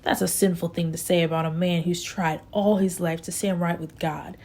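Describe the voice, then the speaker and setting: A woman's voice: lowish voice, fairly even intonation, normal speed, a little mellow. Woman doing a preachy old backwoods farmer. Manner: preachy, self-righteous pleading. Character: poor old backwoods farmer, pious and sly.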